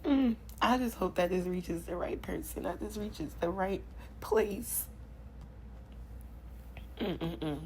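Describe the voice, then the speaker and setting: A woman's voice: fairly low pitch, slow, pauses often, darkish tone, a little hiss or hum, poor audio. A young woman doing a channeled tarot reading, preaching affirmations with passion and sighing between lines. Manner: impassioned, preachy, repetitive affirmations. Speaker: spiritual card reader.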